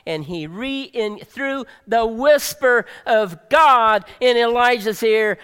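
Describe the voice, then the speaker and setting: A male pastor delivering a sermon, swinging dramatically between loud emphasis and soft near-whispers. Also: extremely high pitch, slow, few pauses, smooth, in a large hall, soft background music.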